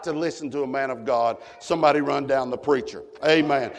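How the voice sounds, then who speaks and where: A man's voice: medium pitch, brisk, hardly any pauses. A man preaching a fervent sermon, punctuating his points with frequent amens. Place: church sanctuary. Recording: long church hall reverb.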